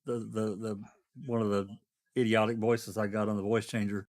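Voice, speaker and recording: A man's voice: on the low side, flat delivery, normal speed. Joking man on a stream. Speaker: stream co-host. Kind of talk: casual chat on a livestream.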